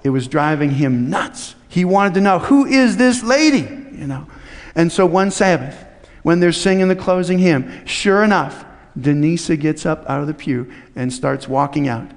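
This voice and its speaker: A man with a high voice preaches in a church, and his words ring out with a long hall reverb. He tells a story conversationally, with folksy asides to the congregation. He acts out each character's lines as he goes. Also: moderate pace. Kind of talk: sermon with storytelling.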